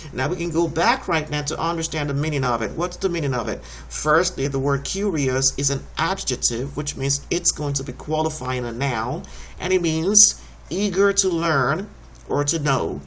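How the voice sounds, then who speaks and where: Guy teaching a homeschool lesson on video, patient and encouraging, slightly higher voice. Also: fairly bright tone. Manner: patient, encouraging, explains step by step.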